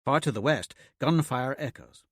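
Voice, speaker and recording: A man narrates a fantasy audiobook in a steady, measured delivery. His voice sits in a middle pitch. The recording is dry and close, with no room sound. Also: breathy edge, dry recording. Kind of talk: scripted narration.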